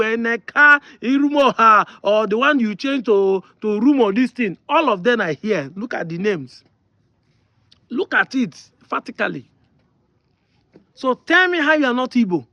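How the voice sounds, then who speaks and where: A man's voice: sits high, a bit bright, no room sound. A Nigerian man from Delta State giving an emphatic opinion monologue, insisting on his points and repeating them. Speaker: online commentator.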